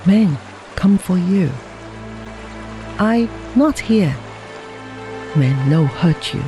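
A narrator voicing an earnest, gentle young man who speaks in simple broken English. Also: mid-range voice, lively intonation, drawn-out words, faint music behind. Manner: simple clipped phrasing, gentle.

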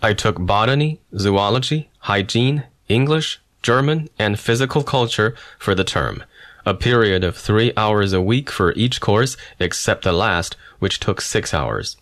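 A man with a fairly low voice reads a first-person memoir as an audiobook narrator. His delivery is measured and storytelling, steady from line to line.

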